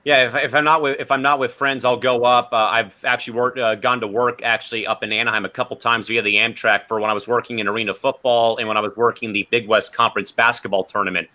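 A man's voice: medium pitch, steady tone, quick pace, few pauses, sharp tone. A young man hosting a casual sports talk show, upbeat and speaking to his listeners as folks. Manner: upbeat, addresses the audience as folks. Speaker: podcast host.

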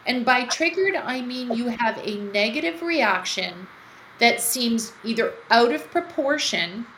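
Bright-voiced woman in a roomy space. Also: a little high. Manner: earnest, reflective storytelling. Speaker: guest speaker. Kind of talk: conversational interview. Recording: roomy echo, faint background noise.

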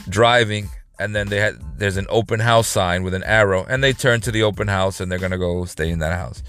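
A man talks straight to his camera from a parked car, rambling and cursing his way through a casual vlog. His voice sits at a medium pitch, and faint music plays underneath. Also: a bit bright. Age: adult. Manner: rambling, profane, laughing rant. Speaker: vlogger host. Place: parked car in a work parking lot.

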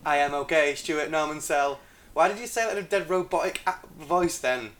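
A man's voice: a little high, fairly quick, fairly bright tone. A man co-hosting a podcast, talking in a laid-back, laughing way. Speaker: podcast co-host. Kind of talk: casual chat.

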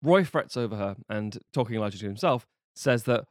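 A man's voice: lowish voice, lively intonation, no room sound, clean studio sound. A man co-hosting a casual podcast, bantering and joking with friends and swearing, sometimes reading a plot summary aloud. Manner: jokey, quick banter, swears. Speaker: podcast co-host. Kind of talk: casual chat.

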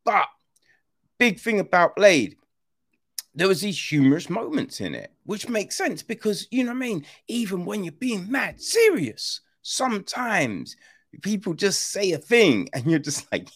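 A man talking casually as a podcast host, full of slang and cheerful swearing. His voice swings widely up and down while his delivery stays unhurried. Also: on the high side. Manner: animated, swearing, slangy, laughs often. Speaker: podcast host, film reviewer. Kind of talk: casual chat.

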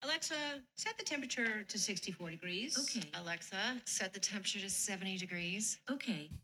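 A woman's voice: mid-range voice, lively intonation, fast, pushed and bright, slight background noise. An insistent woman repeating orders to her smart speaker. She speaks in a plain, middling voice over faint room ambience. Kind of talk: TV commercial acting.

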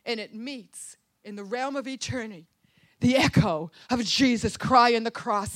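High, bright-voiced impassioned woman preacher. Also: moderate pace, no echo. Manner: dramatic, fervent, swings between hushed and crying out. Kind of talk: impassioned sermon storytelling.

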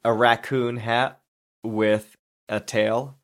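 A man's voice: medium pitch, level tone, very slow, a bit bright. A man co-hosting a podcast, chatting casually and critically about a film with a wry, mocking edge. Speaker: podcast co-host. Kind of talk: casual movie review chat.

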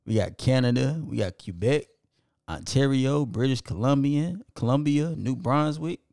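A man's voice: mid-range voice, normal speed, gravelly, a little mellow, dry recording, clean studio sound. A man co-hosting a podcast, casually reading out listener locations and apologizing when he stumbles over foreign names. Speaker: podcast co-host.

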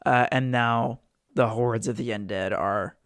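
A man's voice: medium pitch, steady tone, a little slow, clear, resonant tone, dry recording, studio quality. A man narrating a tabletop game as game master, loose and hesitant, with lots of fillers.

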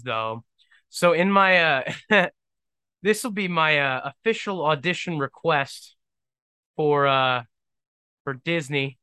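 Casting: young male solo podcaster, bright and clear, rambling and self-mocking. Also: on the high side, dry recording. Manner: rambling, self-deprecating and joking. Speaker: podcast host. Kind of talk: casual solo podcast monologue.

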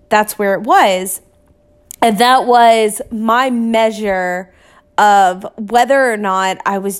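A woman telling a painful personal story in a candid, confessional way, with many fillers and restarts. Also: mid-range voice. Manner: acts out short quoted exchanges in her telling. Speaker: podcast storyteller.

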